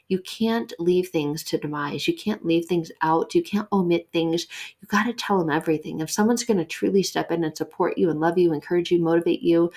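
A woman hosting a devotional talk on prayer, earnest and emphatic, repeating short phrases for weight. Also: fairly low pitch. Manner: drops to soft near-whisper in prayer passages. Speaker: podcast host teaching on prayer.

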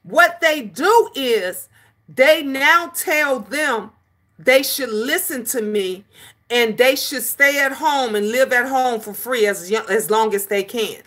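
A middle-aged woman hosts a casual livestream, chatting animatedly to her viewers. Her voice is bright and a little high, and she keeps calling people honey. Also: takes it slowly. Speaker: livestream host reading viewer comments.

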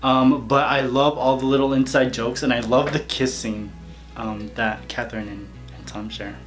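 A man hosting a relaxed YouTube chat, trading questions with a guest. He keeps things playful and breaks into laughter often. His voice sits at a middling pitch, with soft music faintly in the background. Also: moderate pace. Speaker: YouTuber host. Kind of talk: casual interview chat.

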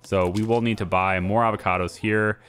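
A man's voice: on the low side, fairly quick, smooth. Man thinking aloud over gameplay. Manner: relaxed, thinking aloud with many ums and restarts. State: has hiccups. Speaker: gameplay video creator. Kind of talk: casual game commentary.

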